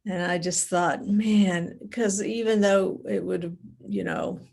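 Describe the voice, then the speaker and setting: A middle-aged woman speaks slowly and thoughtfully in a low, gravelly voice. She hesitates between phrases as she works through her ideas. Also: steady tone, darkish tone. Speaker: discussion group member. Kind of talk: reflective group discussion.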